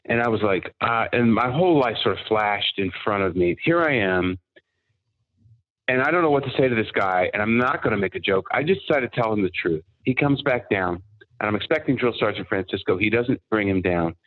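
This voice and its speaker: A man telling personal stories as a podcast guest, in an animated anecdotal way. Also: lowish voice, brisk. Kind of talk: casual storytelling. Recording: tinny phone-like line.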